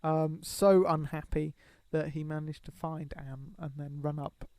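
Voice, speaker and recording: A man's voice: fairly high pitch, little pitch movement, a little slow, darkish tone, no room sound. A man co-hosting a podcast, chatting casually with a dry, teasing humor. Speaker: podcast co-host. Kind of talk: casual chat.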